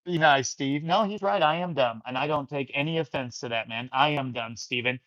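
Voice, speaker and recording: A man's voice: mid-range voice, brisk, a bit bright, no echo, muffled recording. A man hosting a casual online fellowship stream, reading viewer comments in an easygoing way and calling his listeners brother and you guys. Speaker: livestream fellowship host.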